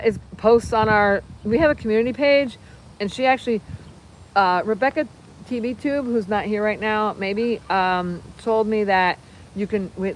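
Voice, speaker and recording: A woman in her fifties hosting a casual livestream, reading viewer comments in a rambling, excitable way with many fillers and restarts. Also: medium pitch, slight background noise. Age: 50s. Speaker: livestream host.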